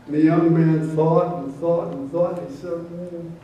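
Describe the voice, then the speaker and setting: A man telling folksy true stories at a live storytelling event, in a slow anecdotal manner, recorded from far off in a roomy hall. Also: a little high, steady tone, lo-fi sound, slight background noise. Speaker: storyteller, former prosecutor.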